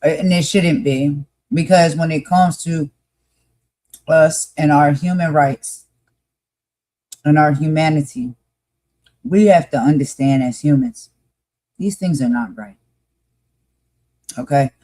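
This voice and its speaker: A woman's voice: low voice, slow pace, pauses often, warm tone. A woman co-hosting a live podcast discussion, talking passionately and emphatically and repeating her points for force.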